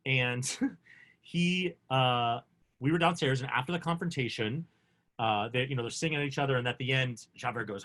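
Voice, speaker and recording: A man co-hosting a casual video chat, telling backstage stories with lively acted-out quotes. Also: medium pitch, moderate pace. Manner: lively, acts out quotes in funny voices. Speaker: co-host. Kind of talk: animated storytelling.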